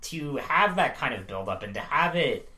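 A man's voice: on the high side, very animated, normal speed, bright, forceful tone. A man co-hosting a podcast, chatting casually and eagerly, often restarting when he jumps into the talk. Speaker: podcast co-host. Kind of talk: casual chat reviewing a TV show.

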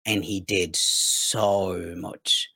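A man's voice: deep voice, steady tone, extremely slow, pushed and bright, slightly rough, dry recording, studio quality. A man from Sweden who is a guest on a casual podcast, speaking candidly and matter-of-factly. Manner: candid, frank, matter-of-fact. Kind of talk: casual interview chat.

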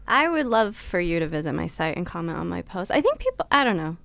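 A woman blogger in casual chat, gushing with enthusiasm and swooping up into excited highs. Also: fast, vocal fry, no room sound. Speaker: blogger and podcast guest.

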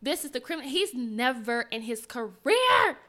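A woman hosting a podcast, casually telling a personal story in an animated, dramatic way and speaking directly to her listeners. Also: fairly high pitch, a little slow. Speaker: podcast host.

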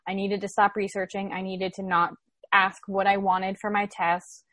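A young woman from Florida, USA, in her twenties, chats casually as a podcast guest and animatedly retells a personal story packed with "like" fillers. She speaks at a moderate pace in a medium-pitched voice, with no room sound.

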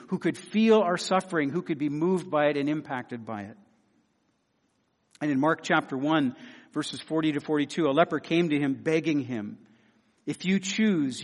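A man preaching a sermon, earnest and emphatic, repeating key phrases and dropping softly into pleading quotes. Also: fairly high pitch, in a large hall.

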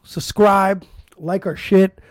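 A man's voice: high voice, steady tone, slow, no room sound. A man co-hosting a podcast, ranting angrily with lots of swearing and stumbling restarts. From Canada. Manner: angry, profane ranting with repeated restarts. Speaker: podcast co-host. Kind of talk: casual podcast rant. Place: podcast studio.

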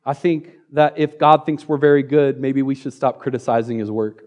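A man preaching a sermon on a church stage, playful and energetic, joking and repeating key phrases. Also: medium pitch, moderate pace. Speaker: pastor.

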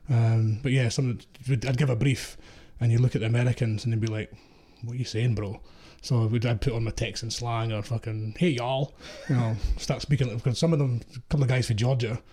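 A man's voice: medium pitch, steady tone, fairly quick, hardly any pauses, warm tone. A middle-aged man from Scotland with an East Coast Scottish accent, a former security contractor telling blunt, sweary war stories in casual chat. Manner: blunt, sweary storytelling with laughs.

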